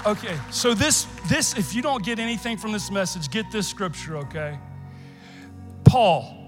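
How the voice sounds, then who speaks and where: A man's voice: high voice, fairly bright tone, big-room sound. A male pastor preaching a sermon, building in intensity and asking the congregation repeated questions.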